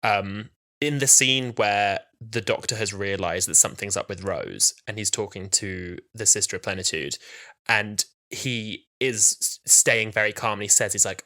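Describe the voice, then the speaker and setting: Bright-voiced young man chatting about TV. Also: lowish voice, moderate pace. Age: 20s. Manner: animated, quotes scenes in character voices. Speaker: podcast co-host. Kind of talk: casual podcast chat.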